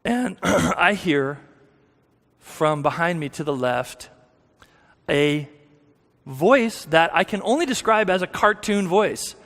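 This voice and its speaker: A man's voice: high voice, animated, slow, pauses often, a bit bright. A man with a slightly raised voice tells his conversion story from the front of a church. He talks candidly and mocks himself, often breaking off and restarting his sentences. A long hall reverb trails behind every phrase. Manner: candid, self-deprecating storytelling with frequent restarts. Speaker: guest speaker. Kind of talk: personal testimony talk. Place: church sanctuary.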